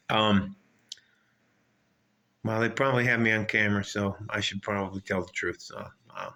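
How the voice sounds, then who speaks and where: An older man tells a long, digressive story, swearing freely and losing his thread. He talks slowly and deliberately. His voice has a bright, tense edge. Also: on the low side. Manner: profane, rambling, digressive. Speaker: vlogger. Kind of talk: rambling storytelling rant.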